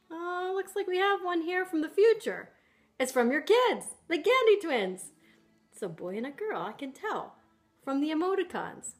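A woman's voice: extremely high pitch, sing-song, normal speed, faint music behind. A woman vlogger hosting a playful fan video, giggling often between lines.

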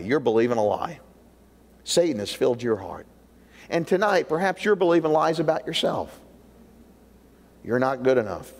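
Animated preaching man in reverb. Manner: animated, rising to emphatic peaks and dropping low for asides. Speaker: pastor. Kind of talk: sermon. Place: church sanctuary. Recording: long church hall reverb.

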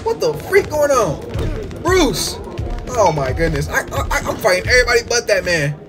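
A man giving casual, excitable game commentary, full of slang and trash talk aimed at the characters on screen. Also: very high voice, moderate pace, music in the background. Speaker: gaming YouTuber.

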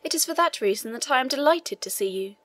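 A woman's voice: sits high, expressive, quick pace, a bit bright, voice pushed up. A woman voicing an elderly imprisoned priest, earnest and persistent, in an audiobook reading. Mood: pleading. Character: elderly imprisoned male Italian priest, eager, learned.

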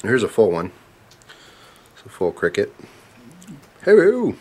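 A young man vlogs at home with his camera on a tripod, tasting bugs on camera and talking to his dog in a wry, chatty way. His voice is low-pitched and somewhat dark, at a normal pace.

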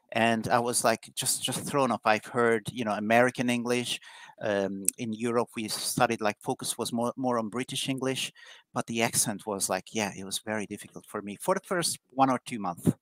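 A man's voice: medium pitch, steady tone, normal speed, a bit bright, poor audio. A man from Hungary, a guest in a live interview, speaking candidly with frequent restarts. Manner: repetitive restarts, chatty and candid. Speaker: guest, IT professional.

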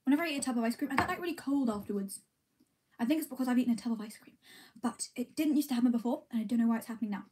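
A woman's voice: fairly high pitch, rapid-fire, a little mellow. A young woman chatting casually on a livestream while eating ice cream, reading comments and answering in a rambling, giggly, self-deprecating way. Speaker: streamer.

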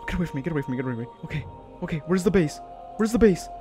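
A man's voice: fairly high pitch, lively intonation, racing, dark tone, faint music behind. A man giving jittery let's-play commentary, swearing often and calling everyone dude and bro. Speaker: gaming channel host.

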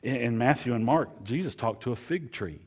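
A man preaching a sermon as pastor, repeating phrases and swinging between loud emphasis and hushed lines. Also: mid-range voice, animated, normal speed, slightly rough.

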